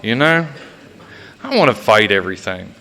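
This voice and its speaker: A man's voice: lowish voice, sing-song, normal speed, sharp tone. A man sharing a personal recovery story at a meeting, profane and self-mocking, laughing at himself as he talks. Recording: reverberant hall.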